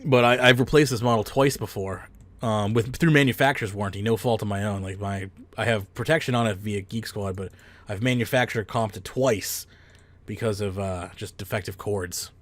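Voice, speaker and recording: A man's voice: lowish voice, steady tone, normal speed, fairly bright tone, dry recording. A man hosting a casual podcast, rambling with fillers and the odd swear. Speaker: podcast host. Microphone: close headset mic.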